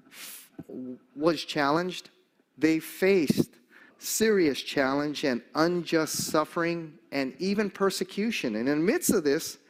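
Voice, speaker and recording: An older man delivers a sermon with a fairly high, very lively voice that swings widely in pitch. He tells stories with energy, acts out the people he quotes and chuckles between points. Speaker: preacher.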